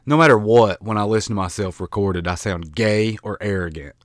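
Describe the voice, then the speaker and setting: A man's voice: lowish voice, a little fast, dry recording, clean studio sound. A man from the American South with a Southern accent, chatting casually to camera in a rambling, self-deprecating way with many restarts. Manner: colloquial with mild swearing. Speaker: vlogger.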